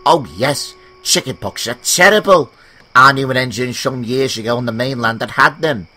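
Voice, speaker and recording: A man voicing a vain, teasing male engine who talks in a mocking, theatrical way, over loud background music. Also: medium pitch, moderate pace, pitched above the performer's own voice.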